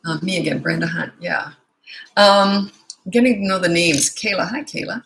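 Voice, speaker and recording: A woman's voice: lowish voice, normal speed, creaky, a bit bright. A woman in her sixties, a parenting coach chatting casually on a live stream, reading out viewers' comments and rambling between them. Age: 60s. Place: home.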